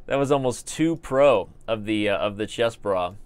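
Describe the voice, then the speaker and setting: Joking American chess streamer, dry sound. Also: male voice, fairly low pitch, moderate pace, smooth, no echo. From United States. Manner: joking, rambling, talks to chat. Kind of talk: live chess stream commentary.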